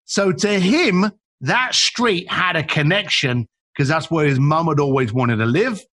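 Lively husky man telling stories. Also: on the high side, measured pace. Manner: acts out quoted people, emphatic, repeats words. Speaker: guest. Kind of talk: animated storytelling.

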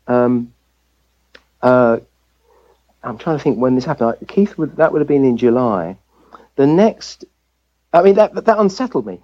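An English man recounts a personal story as an interview guest. His pitch swings widely as he acts out the voices of people he quotes. The recording is dull and lo-fi. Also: husky. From England. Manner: lively anecdote-telling, acting out quoted voices. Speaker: guest, family physician.

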